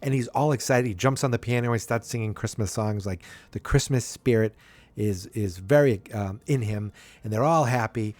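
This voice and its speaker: A man casually recapping a sitcom episode, rambling with frequent ums and restarts, and jumping into a higher voice to act out the characters' lines. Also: moderate pace, a little mellow, no room sound. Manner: acts out characters' quotes in a higher voice.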